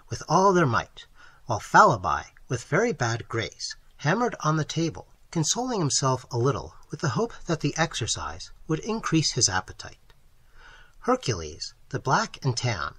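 A man narrating an audiobook in an expressive, dramatic reading style, close to the mic. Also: mid-range voice, slightly rough, no room sound. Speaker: audiobook reader.

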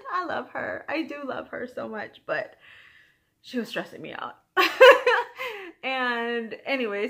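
A young woman hosting a knitting vlog, chatting casually at home and telling an anecdote with frequent giggles and playful voices for her friends. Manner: animated, giggly, quotes friends in higher voices. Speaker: knitting podcast host.

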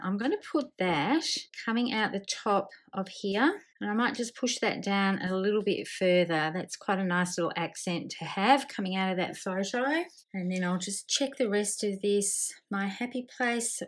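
A woman with an Australian accent narrating a scrapbooking tutorial, chatty and relaxed, thinking aloud as she works. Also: medium pitch. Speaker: scrapbooking video host.

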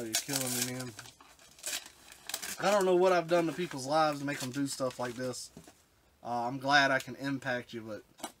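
A man unboxing retro games for his vlog, overwhelmed and choked up, often trailing off mid-sentence. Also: mid-range voice. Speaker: retro game collector vlogger. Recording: background hiss with clicks.

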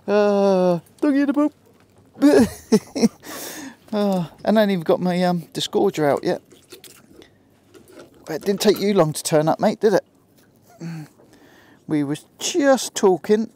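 A man's voice: sits high, slow, pauses often, warm tone, a little hiss or hum. A man with a Hampshire accent giving easygoing running commentary while fishing from a small boat, chatting to the fish and the viewer. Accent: Hampshire English. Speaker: angler vlogger.

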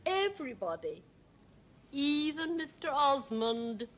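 A woman's voice: sits high, big pitch swings, slow, fairly bright tone, full character voice. A gushing elderly lady. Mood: effusive. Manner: effusive and sing-song.

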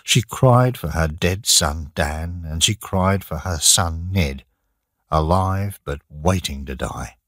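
Deep, husky man reading slowly. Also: fairly bright tone, dry recording, clean studio sound. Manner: slow, plain, deliberate reading for learners. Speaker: narrator. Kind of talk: graded-reader audiobook narration.

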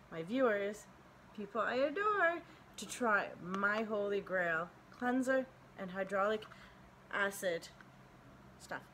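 A woman's voice: mid-range voice, fairly bright tone, poor audio. Chatty woman unboxing with background noise. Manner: chatty, enthusiastic, talks baby-talk to her dogs. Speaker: beauty channel host. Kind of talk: casual unboxing vlog. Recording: home video with clear background noise.

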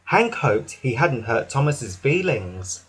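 A man narrating a children's storybook in an expressive read-aloud way, with some restarts. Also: mid-range voice, slow pace, slightly rough.

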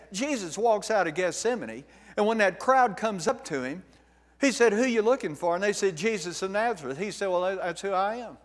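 A man preaching a sermon as pastor, emphatic and direct, asking his congregation rhetorical questions. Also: high voice. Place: church sanctuary. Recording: long reverb of a church hall.

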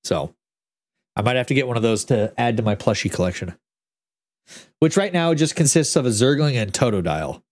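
A man's voice: mid-range voice, animated, a little fast, pauses often, a little mellow, no echo. A young man streaming, chatting casually and reading a kids' book aloud, rambling with restarts, close to the mic.

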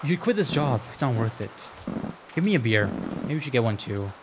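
A man's voice: medium pitch, big pitch swings, brisk, very noisy. A young man rambling goofily while playing a game, inventing silly words and chatting to characters. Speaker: gaming video host. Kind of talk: let's play commentary. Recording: rain and ambience behind. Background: game rain sounds.

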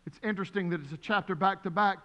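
A man preaching as pastor, emphatic and repetitive, his voice rising to shouts. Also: sits high, fast, in a large hall. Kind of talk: sermon.

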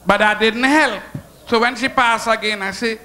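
A man with a Trinidadian accent telling stand-up jokes on stage, animated and laughing at his own punchlines. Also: sits high, moderate pace, a little hiss or hum. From Trinidad and Tobago. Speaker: stand-up comedian. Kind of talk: stand-up comedy storytelling. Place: comedy show stage.

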